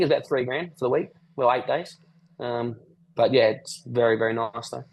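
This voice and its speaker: A man's voice: mid-range voice, brisk, breathy edge, poor audio. A man telling a rambling travel story on a podcast call, swearing casually. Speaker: podcast guest. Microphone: video call.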